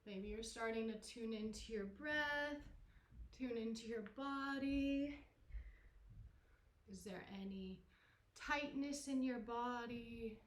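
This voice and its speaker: Woman, kids yoga teacher, playful, coaxing, slow pace, roomy echo. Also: on the high side. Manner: gentle, playful, coaxing, with animal sounds. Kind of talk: guided children's yoga lesson.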